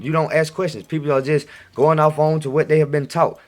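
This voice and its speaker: A man's voice: a little high, level tone, a little fast, few pauses. A man giving a casual, rambling monologue to his viewers in a home recording, insistent and repeating himself. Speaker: video blogger.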